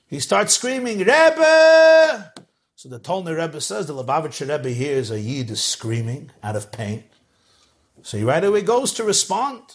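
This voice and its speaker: A man preaching in a lively, fairly high voice whose pitch leaps and dips all through. He tells parables with animated energy, now and then flinging his voice up into shouts as he acts out a scene. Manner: animated, swoops up to shouted cries when acting out scenes. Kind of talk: storytelling sermon.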